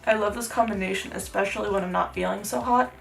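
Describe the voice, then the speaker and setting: Young female beauty vlogger, gravelly fry, chatty and rambling, with soft music behind. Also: medium pitch, steady tone, fast talker. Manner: chatty, rambling, heavy use of "like". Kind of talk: casual makeup tutorial chat.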